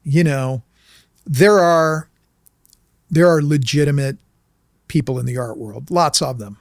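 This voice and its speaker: A man's voice: a little high, measured pace, dry recording, clean studio sound. A man telling an anecdote in casual talk as an interview guest, acting out the people in it. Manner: animated, acts out voices in anecdotes. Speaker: documentary filmmaker guest. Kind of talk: casual storytelling.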